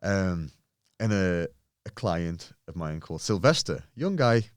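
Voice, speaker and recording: Deep-voiced man telling a story. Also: measured pace, smooth, no room sound, studio quality. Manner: animated, swears often, acts out quotes. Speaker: podcast guest, bodybuilder. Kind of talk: casual storytelling.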